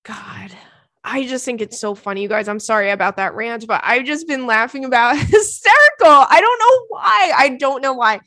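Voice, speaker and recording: Young female podcast host, expressive and chatty, slightly high voice. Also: a little fast, dry recording, studio quality. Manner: chatty, ranting, laughs often. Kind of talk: casual chat.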